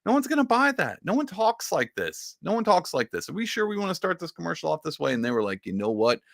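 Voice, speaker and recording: Sarcastic male reaction host, bright and lively. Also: on the high side, fast talker, creaky, no room sound, studio quality. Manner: sarcastic, mocking, rambling. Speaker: political commentary host. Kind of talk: casual reaction commentary.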